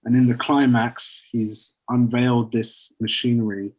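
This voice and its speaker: A man casually pitching a story idea to friends, rambling with lots of fillers. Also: little pitch movement, a little slow, darkish tone, rough recording. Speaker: podcast co-host pitching a story. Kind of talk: casual chat.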